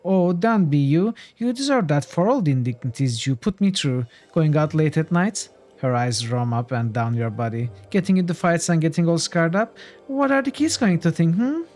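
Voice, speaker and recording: A man's voice: on the high side, expressive, moderate pace, a little mellow, voice pushed up, natural voice. A man voicing a timid, sweet-natured young woman in a role-playing game, with a meek, apologetic manner. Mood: mock scolding.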